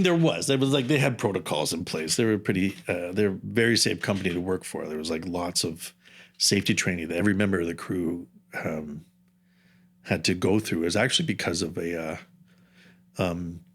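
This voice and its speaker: Man, 50s, somewhat low-pitched; casual, wandering storyteller who doubles back mid-thought. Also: normal speed, fairly bright tone. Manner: rambling, jumps around in time with asides. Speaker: underwater camera operator, podcast guest.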